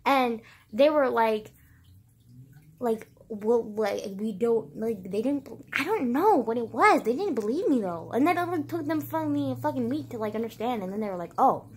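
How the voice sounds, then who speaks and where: Her voice is a little high with a darkish tone and lively intonation, at a normal pace, with slight background noise. This young woman is a vlogger telling childhood stories to her viewers on camera in a rambling, casual way, full of "like" and swearing.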